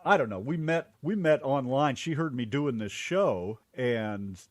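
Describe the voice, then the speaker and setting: A man's voice: medium pitch, animated, a little slow. A man hosting a casual radio interview, folksy and jokey. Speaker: radio show host.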